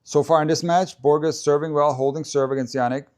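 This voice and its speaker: A man's voice: fairly high pitch, fairly even intonation, brisk, a little mellow. A man hosting a live stream, chatting casually about a tennis match and answering viewers' comments as he goes. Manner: chatty, stops to answer viewer comments and try out name pronunciations.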